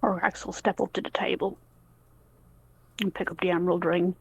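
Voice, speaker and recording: Husky-voiced woman player. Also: on the low side, flat delivery, moderate pace, no echo, dull audio. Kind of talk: tabletop role-play narration.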